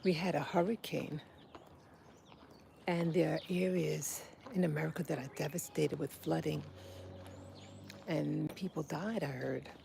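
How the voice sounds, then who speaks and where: A woman giving an angry political monologue, halting, with pauses and restarts, recorded outdoors. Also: sits low, fairly even intonation, gravelly, warm tone, slight background noise. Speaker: vlogger.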